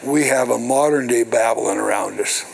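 Heard on a rough recording with a little hiss or hum, this older minister has a medium-pitched voice with vocal fry and talks at a normal pace. He reads scripture to his church congregation and unpacks it through call-and-response asides, peppered with repeated "hello" and "right."

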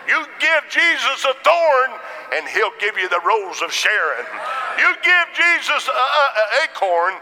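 A man's voice: high voice, creaky, bright, forceful tone, in a large hall, rough recording. A man preaching a sermon in a rhythmic style, punctuated with Amens.

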